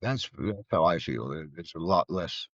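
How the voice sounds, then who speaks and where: Low-voiced American man telling stories. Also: lively intonation, moderate pace, dry recording, muffled recording. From Florida, USA. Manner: loose, rambling delivery with frequent "you know" and repeated words. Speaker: guest, flower bike artisan. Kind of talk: casual storytelling in a conversation.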